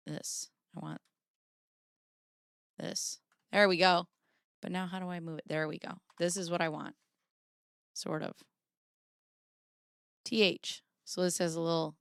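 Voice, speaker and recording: Woman host rambling thru handwriting samples, kinda low voice, clean dry sound. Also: steady tone, a little slow, pauses often, fairly bright tone, clear, resonant tone, no echo. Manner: rambling, self-interrupting, apologetic asides. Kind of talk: casual commentary.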